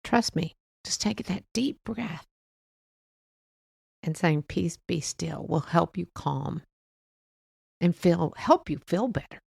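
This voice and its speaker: A middle-aged woman hosting a faith-based motivational talk, speaking in a gentle, reassuring and chatty way with soft laughs. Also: on the low side, expressive, slow pace, creaky, long pauses, slightly rough, dry recording, clean studio sound. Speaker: podcast host.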